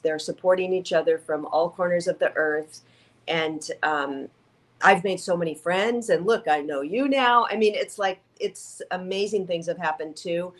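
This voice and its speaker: Emotional woman telling her story. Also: on the low side. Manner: emotional, animated storytelling with quoted voices. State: tearful. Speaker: guest. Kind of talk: conversational interview.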